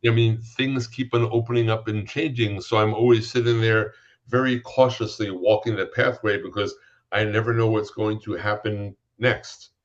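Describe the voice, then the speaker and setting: A man's voice: lowish voice, steady tone, normal speed, lo-fi sound. A man, a psychic guest in a casual interview, telling anecdotes and acting out the people in them. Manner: storytelling, acts out quoted dialogue.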